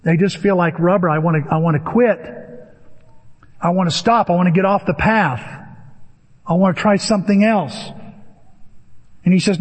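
An older man preaching a sermon as pastor, telling stories in an animated way and acting out the voices of people in them. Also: high-pitched, normal speed, long pauses, long reverb tail. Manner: animated storytelling with acted-out voices.

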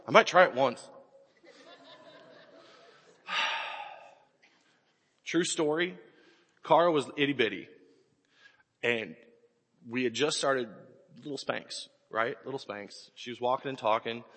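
Man in his 40s, pastor, lively husky voice, bright tone, sermon in a reverberant hall. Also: on the high side. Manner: animated storytelling, bursts into shouts. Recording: echoey hall with long reverb.

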